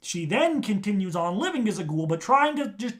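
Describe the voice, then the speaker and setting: A man's voice: sits high, big pitch swings, brisk. Young man spinning a jokey rambling tale. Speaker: podcast co-host. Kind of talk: casual chat.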